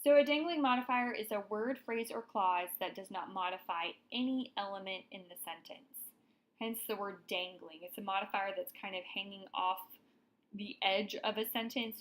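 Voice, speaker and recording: A woman's voice: medium pitch, a bit bright, poor audio. Casual woman teaching grammar. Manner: friendly, checks in with students, casual fillers. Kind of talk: grammar lesson explanation.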